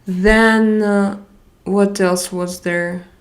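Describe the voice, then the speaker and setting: Woman streamer, slow unhurried talk, hesitant, chatting with viewers. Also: mid-range voice, steady tone. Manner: hesitant, searching for words with many pauses. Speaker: livestream host. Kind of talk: casual livestream chat, reading comments aloud.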